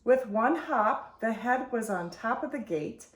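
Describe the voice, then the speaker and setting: Slow, expressive woman reading a picture book. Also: on the high side. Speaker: storytime host. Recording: roomy echo.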